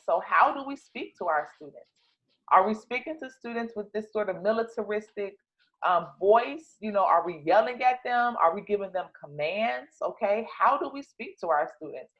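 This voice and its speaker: A woman's voice: a little high, lively intonation, normal speed, lo-fi sound. A woman explaining classroom teaching methods to other educators, in a chatty way with many fillers and restarts. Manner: conversational, many fillers and restarts, repeats key words. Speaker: teacher trainer. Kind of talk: instructional talk.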